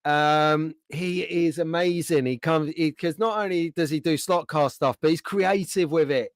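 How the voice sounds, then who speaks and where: A man's voice: on the high side, a little slow, no echo, clean studio sound. Chatty male slot car host. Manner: chatty, upbeat, banter with cohost. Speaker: livestream host. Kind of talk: casual chat.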